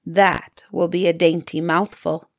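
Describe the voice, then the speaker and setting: A woman voicing a cruel, sly old witch in a fairy-tale reading, switching between sweet luring and shrill, mocking commands. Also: little pitch movement, unhurried. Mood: cruel commanding.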